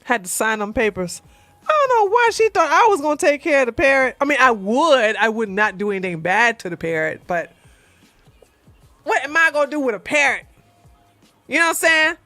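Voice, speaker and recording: A woman's voice: high-pitched, sing-song, brisk, bright, forceful tone, no echo, soft background music. A woman hosting a livestream, chatting casually in a rambling way, laughing often and answering viewer comments. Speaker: livestream host.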